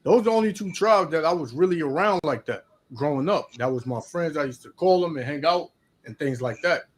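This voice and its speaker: A man's voice: on the high side, animated, fairly quick. A man talking in a casual religious discussion, rambling with frequent restarts.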